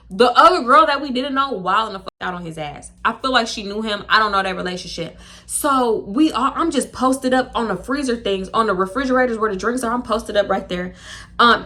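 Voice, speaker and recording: A young woman telling a casual, slangy story to camera and acting out the people in it. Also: fairly high pitch. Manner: animated, slangy, swearing, acts out voices. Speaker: storytime vlogger.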